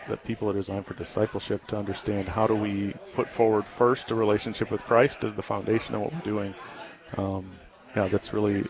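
Earnest, halting man with a low voice. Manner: earnest, halting, many ums and restarts. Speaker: guest, ministry founder. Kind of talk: talk radio interview.

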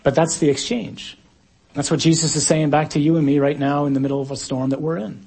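A man preaching a reflective sermon at an evening gathering, swinging between quiet musing and dramatic loud bursts. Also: a little high, little pitch movement, a little fast, gravelly.

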